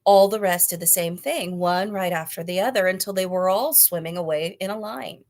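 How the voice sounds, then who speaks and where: A woman's voice: on the low side, normal speed. Woman reading a children's book aloud. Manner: clear, expressive storytelling. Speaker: storybook reader.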